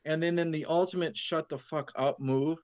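A man with a somewhat high voice, talking eagerly and at length in a casual chat. His recording sounds dull and lo-fi, and he recounts details with enthusiasm. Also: steady tone, normal speed, darkish tone. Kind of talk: casual film discussion.

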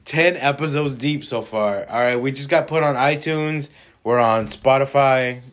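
A man co-hosting a casual podcast, asking quick questions and cracking crude jokes. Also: mid-range voice, fairly bright tone. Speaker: podcast co-host. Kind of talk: casual chat.

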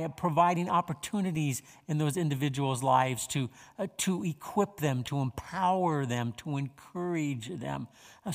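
Male pastor, gravelly and a touch high-voiced, preaching in a measured way with many fillers, in a reverberant sanctuary. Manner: measured preaching with frequent "uh" fillers and repeated words. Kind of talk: sermon.

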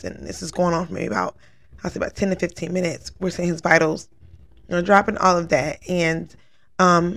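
A woman's voice: lowish voice, a bit bright. A woman casually telling a long personal story, rambling and earnest, full of "like" fillers. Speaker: vlogger recounting a dream.

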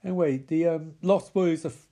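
A man giving excitable, sweary running commentary over a movie. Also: on the high side, moderate pace. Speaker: movie riffer. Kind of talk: live profane movie riff commentary.

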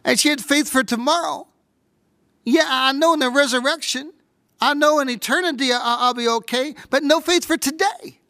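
A woman preaching a sermon with fervent delivery, dropping to hushed whispers and rising to shouts, often repeating words when stirred. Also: high voice, moderate pace, no echo, studio quality.

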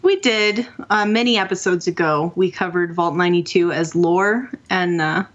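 A woman's voice: on the low side, moderate pace, lo-fi sound. A woman co-hosting a casual gaming podcast, chatty and enthusiastic as she talks through fan submissions over a remote call. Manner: chatty, enthusiastic, laughs easily. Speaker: podcast co-host. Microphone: remote call mic.

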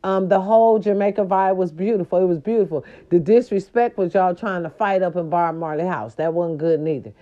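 A woman's voice: on the low side, brisk, hardly any pauses, muffled recording. A woman hosting a gossip commentary show, sassy and emphatic, repeating her catchphrases with theatrical swoops and growls. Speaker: gossip vlog host.

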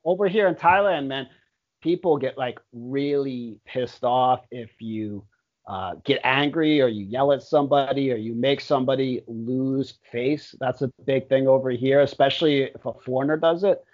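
A man's voice: mid-range voice, normal speed. A young man chatting casually on a podcast, laid-back and swearing a lot. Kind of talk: casual chat. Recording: dull lo-fi audio.

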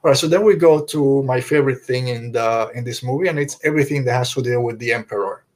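A man co-hosting a podcast, talking casually and enthusiastically, rambling and slipping into quick impressions of characters. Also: mid-range voice, a little mellow. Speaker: podcast co-host. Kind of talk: casual fan review chat.

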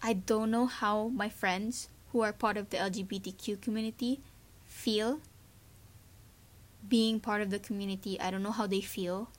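A woman's voice: medium pitch, steady tone, normal speed. A Filipino woman hosting a podcast and sharing her views in an earnest, emotional, casual way, with frequent fillers. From Philippines. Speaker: podcast host. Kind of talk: casual personal commentary.

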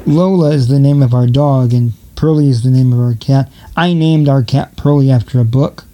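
A man's voice: mid-range voice, normal speed, some chatter behind. A man hosting his own podcast, rambling casually from home with profane jokes and frequent laughter. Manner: profane, laughing, jokey rants. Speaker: podcast host. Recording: loud static noise on home mic.

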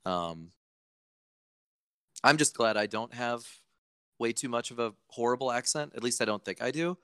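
Bright, crisp-voiced man chatting casually. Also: medium pitch, normal speed, dry recording, studio quality. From Virginia, United States. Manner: chatty and rambling, jokey asides. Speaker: podcast host. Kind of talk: casual podcast chat.

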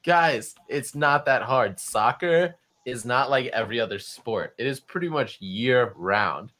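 A man co-hosting a live-streamed chat show, arguing his point in an animated way and laughing as he talks. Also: mid-range voice, a little slow. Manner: animated, argumentative, laughs while talking. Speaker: podcast co-host. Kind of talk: casual debate chat.

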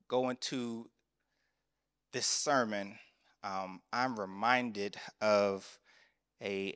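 A man's voice: mid-range voice, fairly bright tone. A man preaching a sermon as a chaplain. He tells a story in a conversational way and asks the congregation questions. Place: chapel. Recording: long reverb of a chapel.

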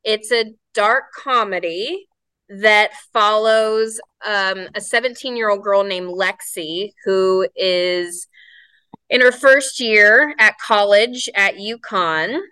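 A woman's voice: mid-range voice, slow pace, sharp tone, clear, resonant tone, no echo, low-quality recording. A woman from Southern California, a theater director, giving enthusiastic, rambling explanations in a casual interview.

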